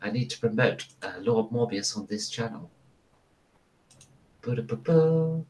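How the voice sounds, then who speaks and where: A man's voice: mid-range voice, animated, a little slow, darkish tone. Male game master on a live tabletop stream; rambling, profane, full of stops and restarts. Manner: rambling, swears, hesitant restarts.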